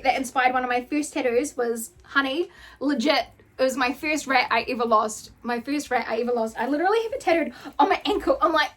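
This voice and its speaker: A young woman from New Zealand with a high, bright voice, chatting through a casual unboxing vlog. She gushes and gets emotional, piles on exclamations and drops the odd swear. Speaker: vlogger.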